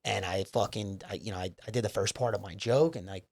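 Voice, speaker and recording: A man's voice: fairly low pitch, fast talker, vocal fry, a little mellow. A man, a comedian guest, telling a rambling, profane story in casual chat. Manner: profane, rambling, lots of fillers.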